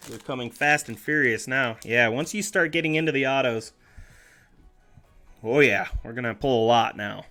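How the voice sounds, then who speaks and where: Over soft background music, this man's bright, forceful voice sits at medium pitch and normal speed. He's live-streaming card pack openings, calling out names, cracking jokes, and fixing his own slips in a relaxed, chatty way.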